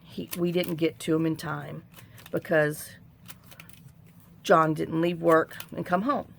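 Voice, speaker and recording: A woman's voice: low-pitched, level tone, takes it slowly, creaky, a little hiss or hum. A middle-aged woman hosting a crafting tutorial at home, chatting in a rambling way with sighs and asides. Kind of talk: casual crafting tutorial chat.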